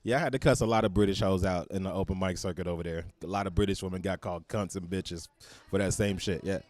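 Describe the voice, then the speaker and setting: A man's voice: low-pitched, steady tone, fast talker, a little mellow. An American man, a comedian guest, telling brash, profane road stories in casual chat. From United States. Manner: blunt, profane, brash storytelling.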